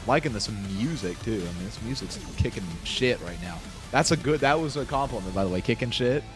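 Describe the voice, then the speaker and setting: A man's voice: medium pitch, animated, brisk, over music. A man live-streaming his reactions to a game showcase, ranting bluntly and profanely with frequent restarts.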